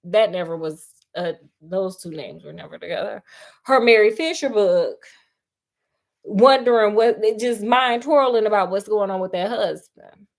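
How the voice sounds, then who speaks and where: A woman's voice: medium pitch, unhurried, vocal fry. A woman retelling a story in a sassy, chatty way, calling her listeners honey and child, with frequent laughs. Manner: laughs often.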